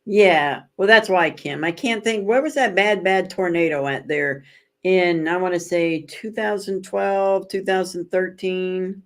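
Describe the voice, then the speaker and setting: A woman's voice: fairly low pitch, measured pace. A woman hosting a casual livestream chat with viewers, telling stories in a rambling, self-correcting way with dramatic emphasis. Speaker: livestream host.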